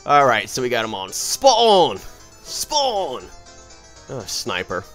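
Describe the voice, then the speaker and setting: A man giving casual, rambling commentary over a video game he is playing, often correcting himself and breaking into excited outbursts. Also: on the low side, a little fast. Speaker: let's play host. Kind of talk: gameplay commentary. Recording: faint game music behind.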